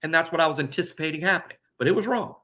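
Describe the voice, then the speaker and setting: A man's voice: a little high, animated, racing, pushed and bright. A man co-hosting a casual sports podcast, rambling and correcting himself as he concedes a point. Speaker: podcast co-host.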